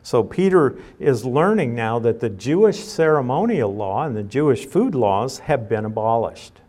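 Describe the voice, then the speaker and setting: Guy teaching bible study, reads the verses then chats through them, mid pitched voice, slow pace. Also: darkish tone. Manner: reads scripture aloud, then explains it conversationally.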